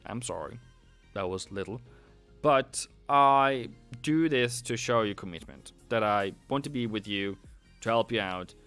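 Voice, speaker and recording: A man's voice: lowish voice, unhurried, fairly bright tone, clear, resonant tone, soft background music. A trading educator, a tired man, doing casual live chart commentary and chanting buy and sell calls. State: worn out.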